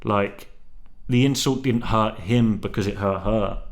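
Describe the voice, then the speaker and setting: Rambling young vlogger. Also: male voice, on the low side, unhurried. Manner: rambling and slangy, full of restarts and swearing. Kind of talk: casual solo vlog chat.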